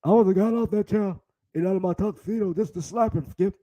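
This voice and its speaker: A man's voice: high-pitched, a little fast, warm tone, lightly acted, poor audio. A man voicing a brash male sports pundit in a mock South African accent, playfully repeating a catchphrase. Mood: mock bravado.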